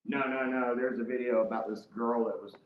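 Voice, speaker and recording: Man, guest storyteller, loud and swearing, animated, roomy room sound. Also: mid-range voice, a little fast, slight background noise. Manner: profane, animated, heated storytelling. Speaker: podcast guest. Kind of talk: casual storytelling chat. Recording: roomy, slightly dull podcast audio.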